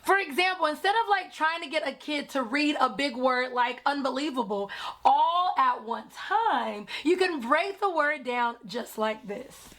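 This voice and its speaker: Energetic high-voiced woman, encouraging teacher-vlogger delivery. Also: unhurried. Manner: energetic, encouraging, exclaims often. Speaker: teacher and reading coach. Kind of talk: upbeat educational vlog talk.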